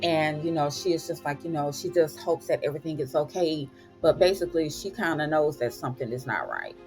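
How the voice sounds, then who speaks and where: A woman's voice: low-pitched, brisk, music in the background. A woman host casually recapping TV episodes, chatty and folksy, calling listeners "honey" and "child".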